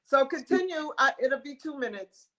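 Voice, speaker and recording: A host in relaxed conversation, speaking casually with fillers. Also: sits high, normal speed, a crowd in the background. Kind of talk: casual chat.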